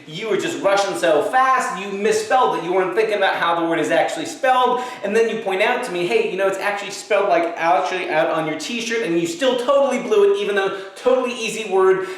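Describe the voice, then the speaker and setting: A man's voice: sits high, fairly bright tone. A male pastor giving a children's Sunday school lesson, telling a playful story and acting out both sides. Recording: very echoey room, mic far off.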